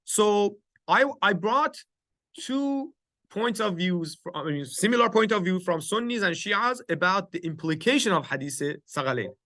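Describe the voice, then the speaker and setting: Bright-voiced man teaching in a dry room. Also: high voice, lively intonation, moderate pace, dry recording. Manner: explains step by step with many fillers and restarts, checks in with listeners. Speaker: teacher leading a study circle. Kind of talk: informal religious lesson. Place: home office.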